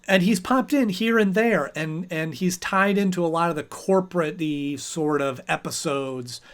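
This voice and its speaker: Speaking at normal speed in a voice on the high side, a man hosts his channel with a casual episode review. He rambles with plenty of fillers and briefly acts out characters.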